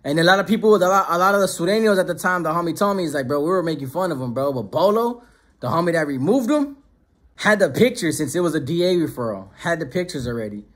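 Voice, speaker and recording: A man's voice: sits high, expressive, fast talker, a bit bright. A man telling a prison story in a casual, streetwise way, full of slang.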